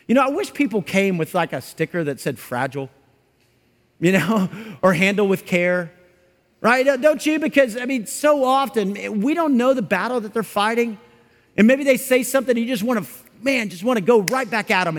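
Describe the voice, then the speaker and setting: A man preaching a sermon as a pastor, in a conversational, animated way, acting out little quoted exchanges. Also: high voice. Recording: long hall reverb.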